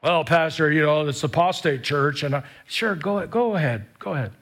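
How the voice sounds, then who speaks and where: Husky emphatic male preacher. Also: a little high, animated, normal speed, a bit bright. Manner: emphatic, repeats key phrases, jokes with congregation. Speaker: pastor. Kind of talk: sermon.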